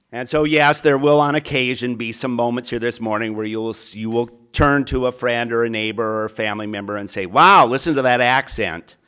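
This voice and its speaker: A man's voice: mid-range voice, fairly bright tone, clean tone. A middle-aged man with a Minnesota accent giving a folksy keynote speech as a college counselor, often repeating his phrases.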